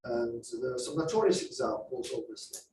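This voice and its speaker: A man's voice: mid-range voice, a little fast, reverberant, recorded from a distance, a little hiss or hum, poor audio. A man giving a masterclass on speaking skills, explaining and acting out examples to a class. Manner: lively, explanatory, acts out examples. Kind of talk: masterclass lecture. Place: classroom or lecture hall.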